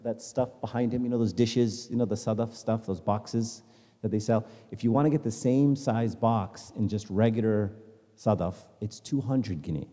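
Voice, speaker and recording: A man's voice: on the low side, dark tone. Chatty man in an echoing hall. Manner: chatty storytelling with quoted dialogue. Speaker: church speaker. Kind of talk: informal slideshow talk. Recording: long hall reverb.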